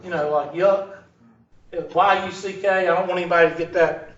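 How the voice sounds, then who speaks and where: A man's voice: high voice, steady tone, normal speed, slight background noise. A man teaching a math class in a classroom, blunt and joking, wandering off into stories. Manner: joking, digressive, blunt storyteller. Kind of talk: classroom lecture. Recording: roomy, distant, dull lo-fi room recording.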